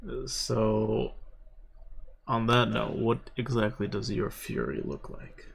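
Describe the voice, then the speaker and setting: A man with a gravelly, creaky voice chatting casually as a tabletop game player. He trades quick jokes and questions with the table. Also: fairly low pitch, steady tone.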